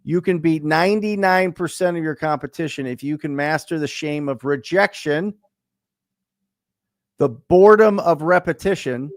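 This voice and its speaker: A man's voice: a little high, normal speed, no room sound, studio quality. A man hosting a casual business talk, speaking emphatically and repeating phrases for stress. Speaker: podcast host.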